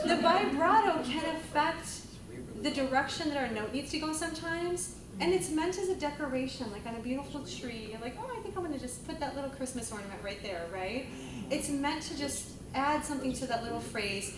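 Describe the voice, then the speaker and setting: Brisk and high-pitched, a woman vocal coach chats enthusiastically and laughs often as she teaches a group class in a large room. Background noise is present. Her voice sounds distant, caught in an echoey room.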